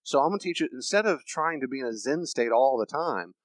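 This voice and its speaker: A man's voice: mid-range voice, lively intonation, brisk, no echo, rough recording. A man, a counselor and preacher, giving an emphatic teaching lecture and acting out the voices he quotes.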